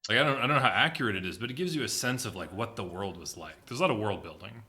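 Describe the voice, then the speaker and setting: A man commenting on a video game in casual chat, animated and often correcting himself mid-sentence. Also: fairly low pitch, very fast. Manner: animated, self-correcting, chatty. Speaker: guest commentator.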